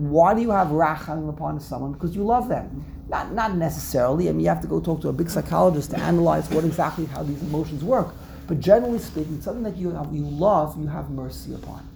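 A woman leads a Torah text class in a low, gravelly voice a mellow, dark tone. She explains word by word, repeating herself and acting out the verses she quotes. A faint background noise sits under her voice.

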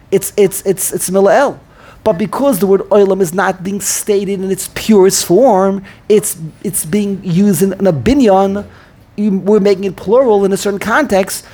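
A man with a husky, breathy voice teaches a student in an informal lesson. He talks with animation, restarting and repeating words as he goes, then slows right down to sound out each word carefully. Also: sits high, a little mellow. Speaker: teacher of prayer pronunciation.

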